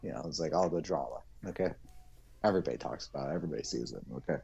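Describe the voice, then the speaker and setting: A man's voice: extremely low pitch, rapid-fire, creaky, darkish tone, muffled recording. Rambling, joking young man. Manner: rambling, joking, swears, acts out silly cartoon voices. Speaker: co-host. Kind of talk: casual chat between friends.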